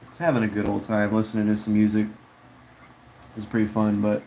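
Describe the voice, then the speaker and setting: A man's voice: lowish voice, monotone, normal speed, warm tone, a little hiss or hum, rough recording. A man chatting casually on a livestream, reading chat in a rambling, slangy way with frequent laughs.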